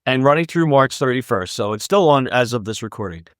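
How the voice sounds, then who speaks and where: Co-hosting a retail news podcast, a man reads the stories in casual chat, dropping in wry, sarcastic asides. His medium-pitched voice is fairly quick and fairly bright, with lively intonation. The studio-quality audio has no room sound.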